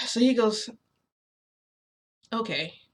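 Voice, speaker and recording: A woman's voice: low-pitched, normal speed, a bit bright. A woman vlogger tells a long story straight to camera. She rambles earnestly, stacking fillers and restarting her sentences, with a slightly agitated edge. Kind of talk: casual storytelling vlog.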